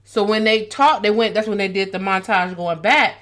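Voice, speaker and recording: A woman co-hosting a podcast, telling stories in a chatty, animated way. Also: medium pitch, moderate pace. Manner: chatty storytelling, animated retelling. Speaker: podcast co-host. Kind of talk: casual chat.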